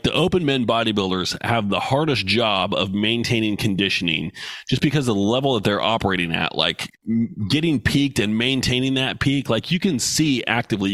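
Male podcast host, gravelly voice, blunt and joking, dry close recording. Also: on the low side, a bit bright, no echo. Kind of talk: casual solo podcast talk. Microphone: studio microphone with headphones.

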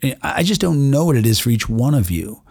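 A middle-aged man with a gravelly, creaky edge hosts his own podcast, speaking earnestly and reflectively to the listener. The sound is close and dry, with no room around it. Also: mid-range voice, animated, a little fast, a little mellow, no echo. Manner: earnest, self-reflective, addresses listener directly. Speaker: podcast host, doctor treating patients. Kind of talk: solo motivational podcast monologue.

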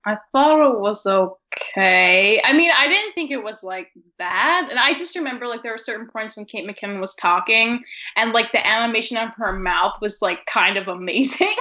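Chatty woman co-host, bright and a touch high, easygoing film talk. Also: lively intonation, moderate pace. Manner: chatty, laughs while talking, lots of "like". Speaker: podcast co-host. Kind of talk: casual film discussion.

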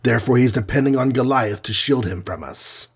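A man with a husky voice voicing a matter-of-fact male armored hero in an audiobook reading. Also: medium pitch, fairly quick. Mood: analytical. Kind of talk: audiobook character voice.

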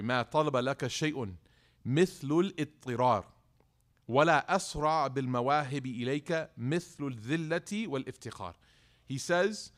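A young man teaching a religious lesson in a casual, conversational way, acting out little dialogues as he tells stories. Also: mid-range voice. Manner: conversational, acts out dialogues in storytelling. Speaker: Islamic teacher. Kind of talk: religious talk.

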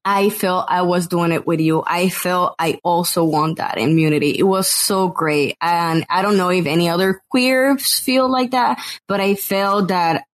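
A woman's voice: fairly low pitch, a little slow, hardly any pauses. A woman guest on a casual podcast interview who talks in an effusive, gushing way and laughs often.

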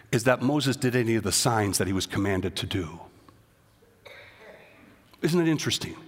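Animated preacher in an echoing church. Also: male voice, mid-range voice. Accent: American. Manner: animated scripture reading, rising loud on quotes. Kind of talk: sermon. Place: church sanctuary. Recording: long church reverb.

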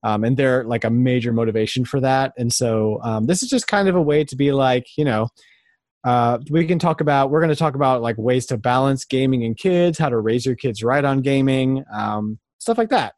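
A man's voice: medium pitch, normal speed, no room sound. Earnest man co-hosting a podcast. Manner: relaxed, rambling, earnest. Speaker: podcast co-host. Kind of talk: casual podcast chat.

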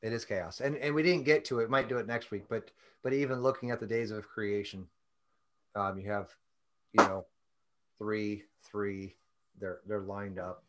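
A man's voice: lowish voice, fairly even intonation, normal speed, fairly bright tone, a little hiss or hum. A man teaching a Bible study in casual chat, thoughtful and often breaking off mid-thought. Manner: thoughtful, self-interrupting, chatty.

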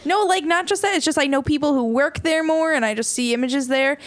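A chatty young woman with a fairly high voice rambles and giggles through a casual podcast conversation. Her voice is recorded close and dry, with no room around it. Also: a little fast, dry recording. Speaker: podcast co-host. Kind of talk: casual chat.

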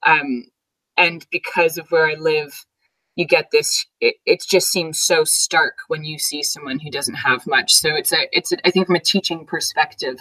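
Chatty Canadian-raised woman, lowish voice. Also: steady tone, moderate pace, pushed and bright, low-quality recording. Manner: chatty, laughs often, many fillers. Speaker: interview guest, teacher. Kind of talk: casual conversational interview.

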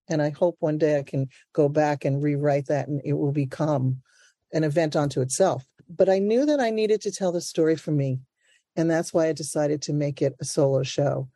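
A woman's voice: low-pitched, mellow, dry recording, clean studio sound. An older woman from Brooklyn, a playwright and actor, talking animatedly in an interview and laughing often. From Brooklyn, New York. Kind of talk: conversational interview.

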